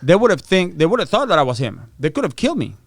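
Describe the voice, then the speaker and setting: A man's voice: high-pitched, sing-song, quick pace, vocal fry, no room sound, studio quality. A middle-aged man, a podcast guest, telling a story in a casual, profane way, acting out the voices of people he quotes. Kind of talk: storytelling interview.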